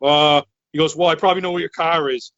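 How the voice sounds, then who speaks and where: A loud, excitable man in his thirties, from Massachusetts, rambles through a story with many restarts. His voice is bright and forceful and sits a little high. The sound is dry and slightly dull, like a lo-fi online call. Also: fast talker, dry recording. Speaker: podcast co-host. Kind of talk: casual storytelling chat.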